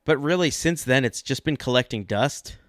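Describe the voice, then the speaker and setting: A man co-hosting a comedic sports podcast, joking in a deadpan, mock-serious way. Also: mid-range voice, moderate pace, no echo, studio quality. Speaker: podcast co-host.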